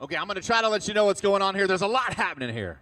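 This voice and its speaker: A high, lively male announcer bringing live commentary to a big indoor arena, cheering on competitors with bright energy. Faint music plays behind him. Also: racing. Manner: hyped, cheering on athletes. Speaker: event announcer.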